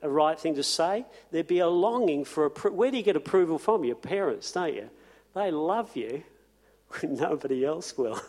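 A man preaching a sermon in a church, conversational and warm in his asides, repeating phrases for emphasis. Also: fairly high pitch, big-room sound. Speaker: pastor.

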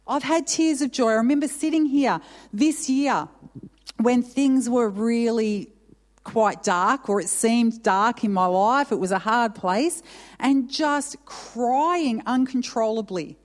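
A woman pastor preaches with earnest, emotional conviction, pressing her listeners with question after question. Her voice sits a little high and rings out with a long reverb in the church. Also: a little mellow. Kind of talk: sermon.

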